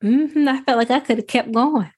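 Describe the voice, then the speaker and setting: A woman co-hosting a podcast, talking in an emphatic, expressive casual chat and affirming her co-host often. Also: sits high, normal speed, slightly rough.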